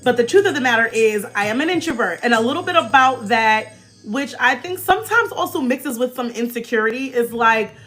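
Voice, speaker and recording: Bubbly bright-voiced woman on a live stream. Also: fairly high pitch, a little fast, faint music behind. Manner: bubbly, laughs often, animated. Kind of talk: casual live-stream chat.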